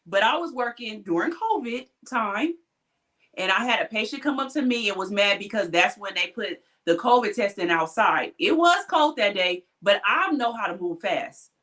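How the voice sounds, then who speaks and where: Blunt, animated woman telling a work story. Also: mid-range voice, moderate pace. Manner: animated, blunt, swears freely. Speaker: hospital technician. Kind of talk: casual chat, storytelling.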